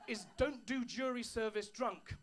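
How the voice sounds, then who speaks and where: A man's voice: very high voice, measured pace, fairly bright tone. A man doing stand-up comedy, dry storytelling with put-on posh voices. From England. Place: comedy club stage with an audience.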